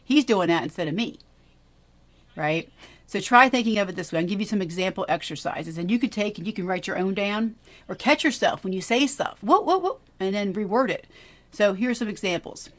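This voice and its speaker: A woman's voice: medium pitch, brisk. A woman co-hosting a faith podcast, teaching in an earnest, encouraging way with emphatic repetition. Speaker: podcast co-host.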